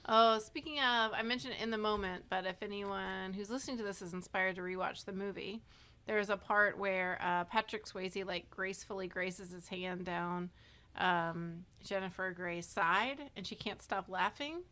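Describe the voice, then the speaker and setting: A woman's voice: mid-range voice, moderate pace, bright, forceful tone. A woman guesting on a podcast, chatty and giggly in casual conversation. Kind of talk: casual chat.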